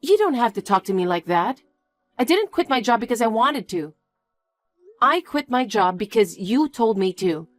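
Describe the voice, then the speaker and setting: A woman's voice: a little high, very animated, moderate pace, no echo, faint music behind. A woman voicing an earnest young engaged woman who pleads and questions in scripted story dialogue. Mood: upset. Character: young woman engaged, hurt but firm.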